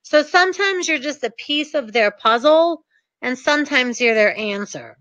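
A woman's voice: high voice, expressive, normal speed, a bit bright, no echo, muffled recording. A woman coaching her real estate students in a motivational talk, earnest and emphatic, repeating her points for stress.

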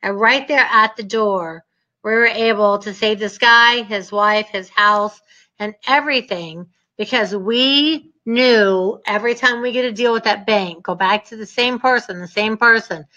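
A woman teaching a real estate seminar, telling stories in an emphatic, energetic way with lots of repetition. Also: mid-range voice, unhurried, highs cut off.

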